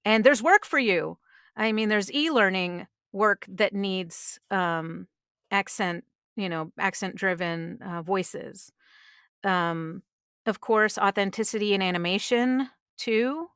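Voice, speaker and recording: A middle-aged woman speaks as a guest on a podcast with earnest conviction, pressing her points with emphasis. Her voice is smooth and resonant. The sound is close and dry. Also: medium pitch, fairly bright tone, dry recording. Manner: earnest, emphatic advice-giving. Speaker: voice actress guest. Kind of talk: conversational interview. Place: podcast studio.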